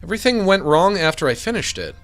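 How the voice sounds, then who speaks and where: A man's voice: high-pitched, very animated, fast talker, a bit bright, soft background music, pitched above the performer's own voice. A man voicing an anxious, paranoid male painter in a video game, talking in a jittery, pleading way. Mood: frantic.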